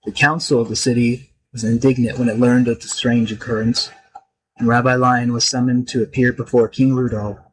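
A man narrating a folk tale in a steady, expressive reading. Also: mid-range voice, normal speed, rough recording. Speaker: storyteller. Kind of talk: scripted storybook narration.

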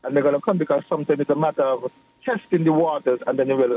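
A man's voice: a little high, warm tone. Man over muffled radio. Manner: measured, explanatory, repeats phrases. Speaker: political guest. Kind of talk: radio talk discussion. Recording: muffled radio broadcast with faint hiss.

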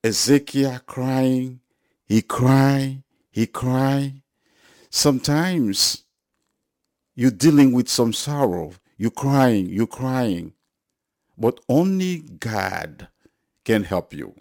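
A man preaching a sermon, repeating his phrases and building to loud, emphatic appeals to the congregation. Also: medium pitch, expressive, extremely slow, long pauses.

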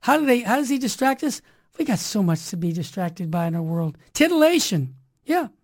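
An energetic woman hosts a Catholic radio talk show, speaking in a preachy, upbeat way. She relies on rhyming catchphrases. Her voice sits in an ordinary middle pitch. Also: a little fast.

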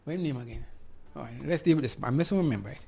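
Brief: gravelly-voiced man, casual horse racing host, jokey and loose. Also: medium pitch, expressive, rapid-fire, a little mellow. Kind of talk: casual chat and race preview.

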